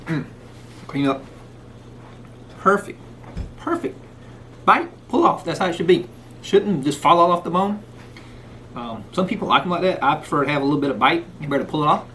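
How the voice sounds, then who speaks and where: A slightly high, bright and forceful male voice speaks briskly as he hosts a homey cooking vlog, now and then with a mouthful of food. He's out in the rain at first, then inside, and there's slight background noise.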